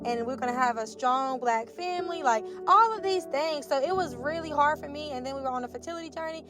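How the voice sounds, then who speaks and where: A young woman talks straight to her viewers in a chatty, heartfelt way. Her voice sits high, and music plays under her. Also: a little fast. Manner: chatty, emotional, addresses viewers as y'all. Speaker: vlogger. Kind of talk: casual chat. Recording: music playing behind.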